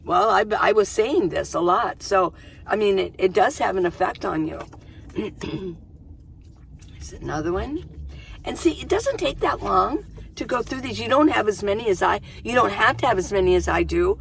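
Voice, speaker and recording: A woman's voice: medium pitch, expressive, normal speed, vocal fry, slight background noise. A middle-aged woman vlogging from inside her minivan, chatting casually and rambling, often restarting her sentences. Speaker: van-life vlogger. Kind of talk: casual chat to camera.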